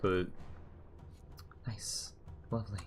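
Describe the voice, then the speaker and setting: Low-voiced rambling young male streamer. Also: fairly even intonation, takes it slowly, noisy background. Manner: rambling, joking, swears freely. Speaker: game streamer. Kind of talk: casual gameplay commentary.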